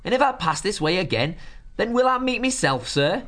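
A man's voice: high-pitched, big pitch swings, normal speed, fairly bright tone, pitched above the performer's own voice. A man voicing a cheeky, chatty male harvest mouse with folksy rustic speech in a storybook reading. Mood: musing rhyme.

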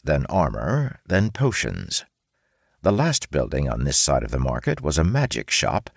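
A man narrating a fantasy audiobook in a steady storytelling manner. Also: a bass voice, creaky, dry recording, clean studio sound.

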